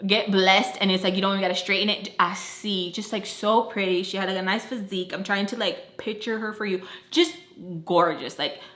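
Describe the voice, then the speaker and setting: A woman's voice: medium pitch, fairly even intonation, a little fast, few pauses, fairly bright tone. Chatty young woman telling a story. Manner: chatty, lots of "like", acts out quoted lines. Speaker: storytime vlogger. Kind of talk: casual storytelling. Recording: roomy echo.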